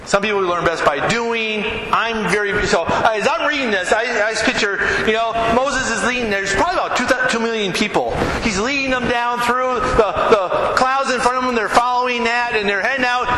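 A male preacher giving an emphatic, animated sermon, acting out scenes as he goes. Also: very high voice, moderate pace. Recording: echoey hall with background noise.

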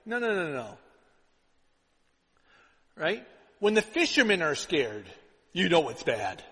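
A pastor delivering a conversational sermon, full of "right?" asides, swinging between loud and hushed. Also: male voice, a little high, sing-song, takes it slowly, husky, big-room sound, rough recording.

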